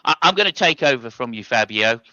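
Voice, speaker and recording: A man's voice: mid-range voice, animated, brisk, bright, forceful tone, no echo, muffled recording. A man hosting a casual motorsport chat over an online call, jokey and rambling with many fillers. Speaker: podcast host.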